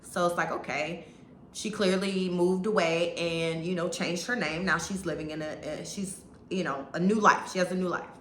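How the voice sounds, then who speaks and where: A woman with a bright, forceful voice and a lowish pitch rambles through a casual movie review. She restarts her sentences often and talks in a loose, colloquial way. The sound is roomy and echoey. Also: fairly even intonation, normal speed, a little hiss or hum. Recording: echoey room.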